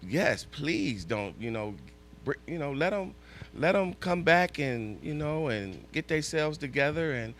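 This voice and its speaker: A man's voice: fairly high pitch, animated, measured pace, fairly bright tone, slight background noise. A male talk show co-host chatting casually and rambling with lots of fillers.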